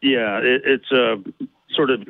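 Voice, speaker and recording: A man's voice: mid-range voice, fairly even intonation, a little slow, gravelly, dry recording. A man calling in to a show, rambling hesitantly with many fillers, heard over a phone line. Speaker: caller. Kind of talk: phone-in call. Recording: tinny dry phone line.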